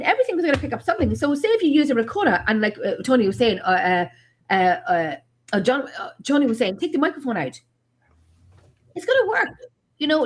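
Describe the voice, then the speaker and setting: A middle-aged woman with a slightly high, husky voice chats casually on a paranormal panel. She is animated and emphatic, telling stories full of blunt jokes.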